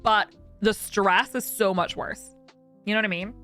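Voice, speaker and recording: A woman's voice: mid-range voice, a little slow, bright, forceful tone, soft background music. A young woman streaming and chatting casually with viewers, candid and talkative, laughing often.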